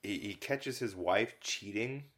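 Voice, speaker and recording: A man's voice: lowish voice, slow pace, a bit bright. A man co-hosting a casual film podcast, rambling with lots of fillers and restarts. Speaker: podcast co-host reviewing films. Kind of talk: casual chat.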